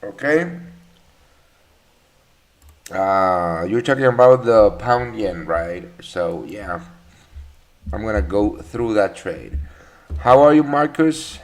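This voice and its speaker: A man hosts a live trading session at an unhurried, slow pace. His voice sits a little low. He greets viewers one by one and talks casually, with plenty of fillers and restarts. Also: animated. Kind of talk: live trading webinar chat.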